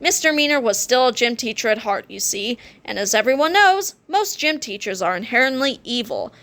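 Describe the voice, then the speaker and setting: Woman reader, children's book, playful narration, slightly high voice. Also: fairly quick. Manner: playful, lively storytelling. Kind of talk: children's book read-aloud.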